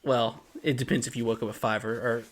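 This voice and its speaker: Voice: medium pitch, level tone, fast talker. A podcast co-host chatting casually, teasing the other host and laughing often. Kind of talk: casual chat.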